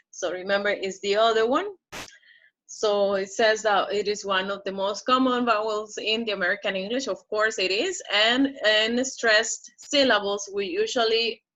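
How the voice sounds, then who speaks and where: Slow, bright-voiced woman teaching pronunciation. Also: medium pitch. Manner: patient, repeats and drills example words. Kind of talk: recorded online lesson. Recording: slightly dull lo-fi audio.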